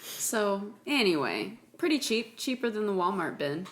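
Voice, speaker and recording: A woman's voice: mid-range voice, very animated, unhurried. A woman co-hosting a casual podcast, chatting about a movie with dry, teasing asides. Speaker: podcast co-host.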